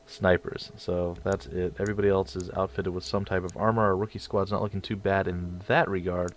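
A man's voice: low voice, level tone, brisk, hardly any pauses. A young man casually commentating his strategy game, rambling and stumbling over his words. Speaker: let's play host.

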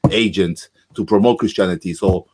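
A man's voice: deep voice, normal speed, a little mellow, breathy edge. A man hosting a live-stream interview, polite and encouraging.

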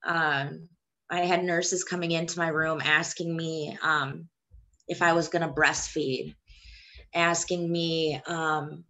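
A young woman with a low, deep-set voice recounts her own experience. She speaks haltingly and hesitantly, in the plain way of a personal testimony. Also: little pitch movement, bright, forceful tone. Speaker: woman sharing her childbirth story.

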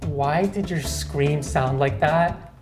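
Excitable man vlogging in an echoey room. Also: fairly high pitch, slow pace. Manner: loud, excitable, teasing, often shouting pleas. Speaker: YouTube vlogger. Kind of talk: excitable challenge video banter. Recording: echoey room with loud background music.

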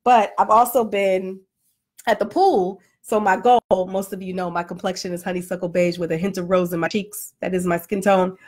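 A woman in a casual, comedic vlog rant, animated and self-deprecating, still winded and flushed from a workout. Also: medium pitch, normal speed. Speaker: vlogger.

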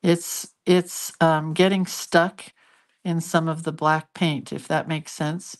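A chatty, giggly older woman with a slightly low voice, talking easily to her viewers while she draws. She tells little family stories and drifts into asides. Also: little pitch movement, takes it slowly. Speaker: hand-lettering artist hosting a live stream. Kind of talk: casual live-stream chat while drawing.

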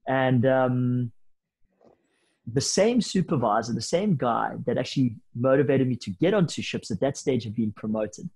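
A man in his thirties recounts stories as a podcast guest, slipping into easy slang as he goes. His voice is slightly husky and sits at an ordinary middle pitch, and his delivery stays lively and conversational. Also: moderate pace, poor audio. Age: 30s. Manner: lively anecdotal storyteller, casual slang. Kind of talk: storytelling in a podcast interview.

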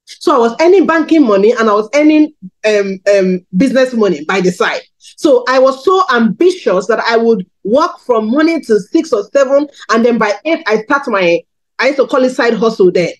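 Woman in her 30s from Nigeria, fairly high voice, candid sermon testimony, swinging pitch. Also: animated, normal speed, poor audio. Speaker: preacher.

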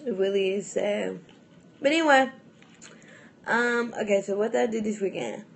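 A woman's voice: medium pitch, moderate pace, vocal fry. A young adult woman vlogging in a casual, rambling chat to camera, full of fillers and restarts and often breaking into laughs.

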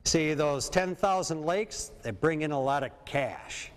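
A man's voice: a little high, a little slow. A man from Minnesota giving an informal talk to an audience, who often checks in with his listeners. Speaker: presenter on septic systems. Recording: long reverb of a hall.

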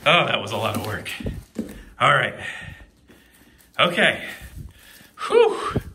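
A man's voice: medium pitch, huge pitch swings, takes it slowly, vocal fry, noisy background. A young man reviewing a product while struggling to open it, grunting, muttering and dropping to whispers, strained and short of breath. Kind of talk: comedic unboxing vlog.

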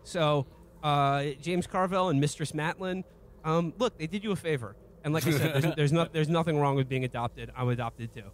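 A man riffing in a halting, mock-earnest comedic way, full of restarts. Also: on the high side.

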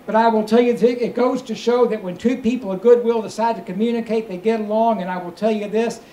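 A man's voice: high voice, fairly even intonation, a little fast, warm tone, slight background noise. A man doing a stand-up comedy set on a cruise ship stage, telling stories with mock-earnest asides and punchlines. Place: cruise ship show lounge. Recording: echoey live show room. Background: audience laughter.

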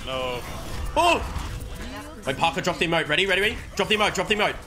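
A young man giving joking, excitable gameplay commentary with sudden shouts. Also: sits high, fast talker. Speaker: gaming streamer. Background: background music.

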